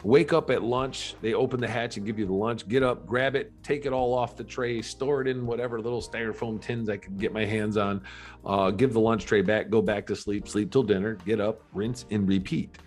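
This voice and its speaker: A middle-aged man appearing as a podcast guest recounts his life story candidly, earnestly and reflectively, restarting haltingly at times. His voice is fairly low and steady, with faint music behind.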